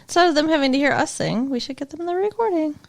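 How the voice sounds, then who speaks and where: A woman chatting on a podcast in a playful, wry way. Her voice sits a little high, and her pitch bounces around a lot. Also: expressive, quick pace, vocal fry. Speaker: podcast co-host. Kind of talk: casual chat.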